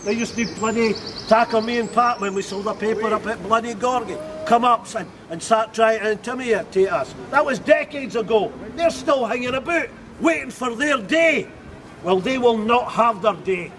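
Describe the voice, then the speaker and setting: Out on a city street, a middle-aged man gives a rousing, defiant speech at a counter-protest rally, surrounded by street noise and a crowd. His voice is extremely high-pitched and his pace moderate.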